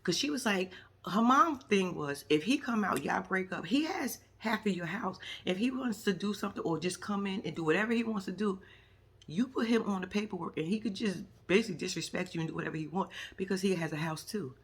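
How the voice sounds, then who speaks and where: Sassy animated woman recapping reality TV. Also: mid-range voice, fairly quick, slightly rough. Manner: sassy, animated storytelling with acted-out quotes and laughs. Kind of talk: casual reality show recap.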